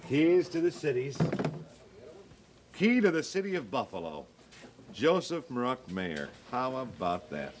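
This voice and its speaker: Brief: showman host of a kids' show, lively and animated. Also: medium pitch, a little slow, long pauses, a little hiss or hum. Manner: showman, addresses children directly. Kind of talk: live children's TV hosting.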